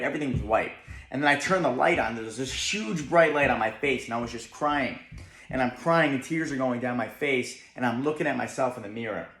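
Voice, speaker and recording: Recorded in an echoey space, a young New Jersey man delivers an emphatic motivational talk in a medium-pitched, slightly bright voice. He checks in often with "right?".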